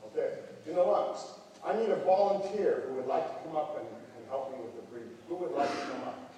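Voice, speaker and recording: A man's voice: fairly high pitch, brisk, mellow, slight background noise. An older American man giving a workshop lesson with a volunteer, coaching the group in a folksy, joking way. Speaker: band clinician. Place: large hall. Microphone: camera far from the speaker. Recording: echoey hall recorded from far off.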